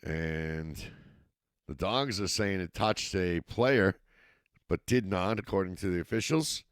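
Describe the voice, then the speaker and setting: Male play-by-play announcer, Massachusetts accent, low voice, dry close mic. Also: takes it slowly, clean tone, no echo. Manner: steady play-by-play, rising excitement on scoring plays. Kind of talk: youth football commentary.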